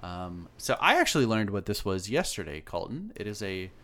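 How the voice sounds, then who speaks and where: A man co-hosting a casual gaming podcast, talking in a relaxed, halting way and often restarting his sentences. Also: on the low side. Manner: hesitant, lots of restarts and fillers. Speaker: podcast co-host.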